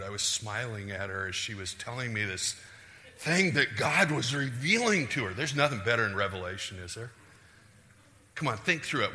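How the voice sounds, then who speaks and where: A middle-aged man preaches a sermon in a church, his voice bright and forceful. He acts out quoted voices and swings from loud bursts to hushed asides. Long reverb trails off each phrase in the big hall. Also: medium pitch. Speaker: pastor.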